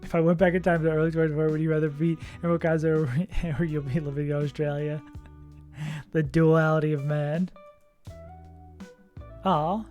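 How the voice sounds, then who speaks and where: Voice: medium pitch, flat delivery, moderate pace, pauses often, a little mellow. Chatty young adult streamer, faint music behind. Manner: chatty, reacts aloud to chat and game. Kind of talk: casual gaming stream chat.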